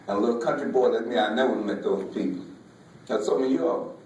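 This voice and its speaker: A man, a folk artist, giving an emotional personal talk in a halting way, often repeating words, with Southern vernacular. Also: fairly low pitch, darkish tone, slight background noise. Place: museum lecture hall. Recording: echoey hall, voice from far off.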